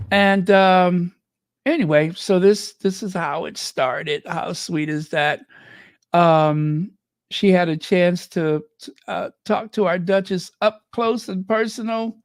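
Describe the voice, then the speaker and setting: A woman's voice: lowish voice, a little mellow, no room sound, clean studio sound. A woman hosting a casual royal news commentary stream, rambling with many fillers and restarts, and gushing sentimentally over what she shows. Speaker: royal news channel host.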